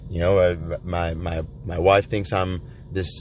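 Low-voiced man rambling profanely in a van. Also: little pitch movement, a little hiss or hum. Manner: profane, halting, with many restarts. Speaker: vlogger. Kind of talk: rambling confessional monologue. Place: inside a van by the ocean. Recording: dull lo-fi recording.

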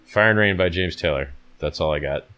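A man with a remarkably low, deep voice hosts a casual livestream. He sounds tired and talks bluntly, swearing freely as he reads out chat questions and answers them in a loose, conversational way. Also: a little fast, pushed and bright. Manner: blunt, profane, reads viewer questions aloud.

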